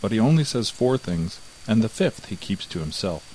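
A man voicing a sly, clever little peasant who speaks in a calm, knowing way, with a low voice. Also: moderate pace, slight background noise, poor audio.

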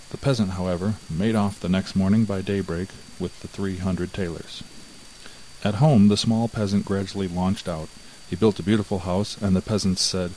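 A man narrating a fairy tale from a script in a measured, even way. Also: low-pitched, a little hiss or hum, poor audio. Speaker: storyteller.

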